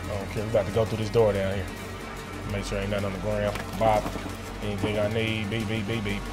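A man giving excited, slangy commentary while he plays a video game and talks back to it. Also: lowish voice, fast talker, over loud music. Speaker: gaming streamer.

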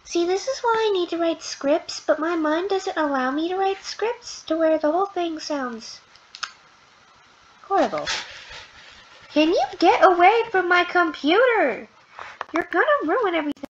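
A woman doing a high-pitched, prissy young voice, fretting and picking at herself as she talks at home by her computer. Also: expressive, unhurried, muffled recording, a little hiss or hum. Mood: fretful. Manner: fretful, self-critical rambling.

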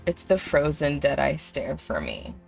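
A woman's voice: extremely low pitch, wildly swooping pitch, a little slow, vocal fry, darkish tone, soft background music. A young woman giving chatty, giggly commentary over a life-sim game, full of fillers. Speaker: let's play creator.

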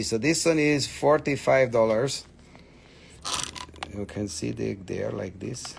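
A man hosting a live sales stream, talking with excited, animated patter as he shows and prices each item. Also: mid-range voice, a little slow, vocal fry, pauses often, a little hiss or hum.

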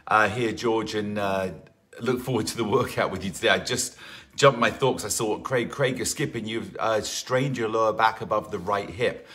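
A man's voice: on the low side, sharp tone. A man leading a live online workout class as fitness instructor, chatty and encouraging, greeting viewers by name between rambling asides.

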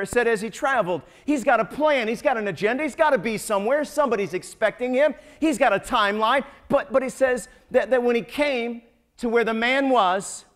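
High-voiced preacher with stammering repeats. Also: male voice. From United States. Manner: stammering repetitions, swelling to emphatic peaks. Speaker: pastor. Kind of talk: sermon. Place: church sanctuary.

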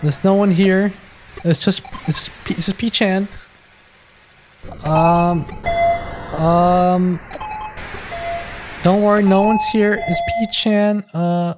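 A gaming YouTuber commentating a let's play, reacting excitably with frequent swearing and stammered restarts. He talks at an unhurried, drawn-out pace, with game music faint in the background. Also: mid-range voice.

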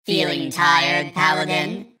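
A woman's voice: deep voice, slow pace, pushed and bright, distant mic, soft background music, exaggerated voice. A woman voicing a smug, condescending female necromancer villain who taunts her foe. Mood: taunting.

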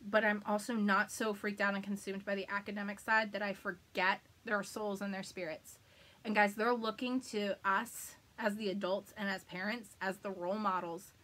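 A woman's voice: mid-range voice, steady tone, moderate pace, a bit bright. A woman in her thirties hosting a live crafting video, chatting casually and laughing often. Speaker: crafting livestream host.

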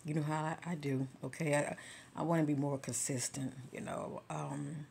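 A woman's voice: low-pitched, steady tone, moderate pace, vocal fry, darkish tone, a little hiss or hum. A woman giving a casual spiritual encouragement talk to her followers, speaking directly and conversationally like a preacher, often checking in with "okay?" and "you know.". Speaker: spiritual vlogger.

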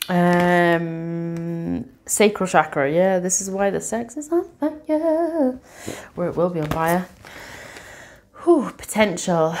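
Emotional woman reading affirmations, low voice. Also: measured pace, a little mellow. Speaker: tarot reader. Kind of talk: tarot reading monologue.

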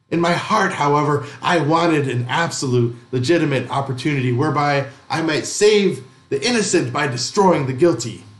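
A male pastor tells a story in vivid first person during a sermon. His voice sits a little high and carries a roomy echo. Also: a bit bright.

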